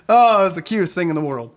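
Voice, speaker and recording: Chatty man with a higher voice. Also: a bit bright. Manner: rambling and chatty, laughs often, talks to viewers. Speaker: musician hosting a weekly live concert stream. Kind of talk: casual live-stream chat.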